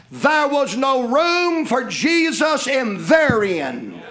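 A man preaching a sermon in a fervent, folksy way, often shouting his lines. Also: very high voice, very animated, slow, hardly any pauses. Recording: live church sermon with congregation audible. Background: congregation.

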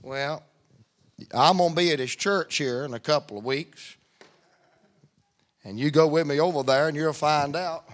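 A man's voice: fairly high pitch, unhurried, pauses often. Man, middle-aged, visiting preacher, folksy, joking, storytelling. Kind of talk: humorous sermon opening.

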